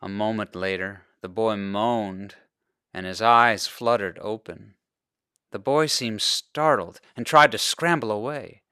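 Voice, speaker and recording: A male pastor reading a children's storybook aloud, narrating in an expressive way. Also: lowish voice, slow pace, smooth, dry recording, clean studio sound.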